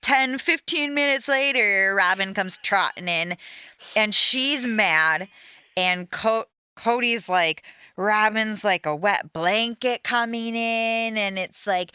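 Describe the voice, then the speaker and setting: A woman's voice: medium pitch, lively intonation, pushed and bright, smooth, no room sound, clean studio sound. A woman co-hosting a casual recap podcast, sarcastic and profane, acting out the people she mocks. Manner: sarcastic, swears, mocks with quick quoted asides. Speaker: podcast co-host.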